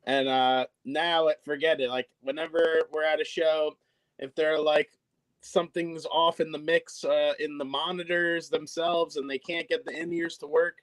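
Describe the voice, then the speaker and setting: A man's voice: on the high side, little pitch movement, moderate pace, fairly bright tone, no room sound, rough recording. A young man, a singer, answering interview questions in an easygoing way with lots of fillers. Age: young adult. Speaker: singer and guest.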